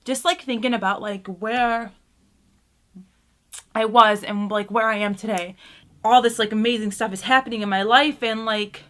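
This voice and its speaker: A woman's voice: mid-range voice, fairly even intonation, normal speed, fairly bright tone. A young woman vlogging casually while doing her makeup at home, rambling with lots of fillers as she talks about being grateful and sometimes near tears. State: tearful at times. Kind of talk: casual get-ready-with-me chat.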